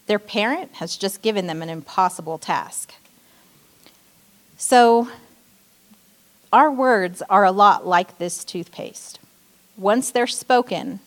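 Woman giving a short church message. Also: medium pitch. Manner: storytelling, acting out quoted outbursts. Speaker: church speaker. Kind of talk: short sermon. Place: church stage.

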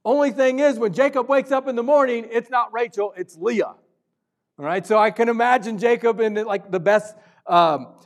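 High-voiced pastor preaching with swings. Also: male voice, moderate pace. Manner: swings from loud and urgent to hushed and intimate. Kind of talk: sermon.

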